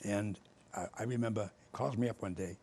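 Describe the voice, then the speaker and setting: Gravelly older man spinning animated stories. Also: lowish voice, brisk. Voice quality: gravelly, husky. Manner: animated storyteller acting out both sides of old arguments. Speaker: former state official telling stories. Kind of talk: casual conversation.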